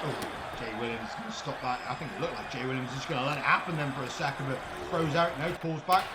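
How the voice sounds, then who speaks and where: A man calling a wrestling video game match, getting loud and swearing at big moments and laughing through the calls. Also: medium pitch, quick pace, heavy background noise. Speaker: play-by-play commentator. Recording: roomy sound with loud music behind.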